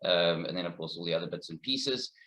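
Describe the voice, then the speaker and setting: South african guy presenting, quick and a bit rushed, bright forceful voice. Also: deep voice, animated, a little hiss or hum, rough recording. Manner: quick, informal, slightly rushed. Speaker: conservationist presenter. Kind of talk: conference presentation. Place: research facility room.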